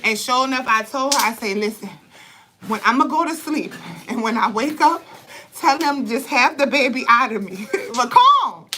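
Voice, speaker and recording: A young woman telling birth stories and giving advice in blunt, profane, animated casual talk. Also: a little high, normal speed, background noise. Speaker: vlogger, birth advocate. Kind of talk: candid casual talk to camera.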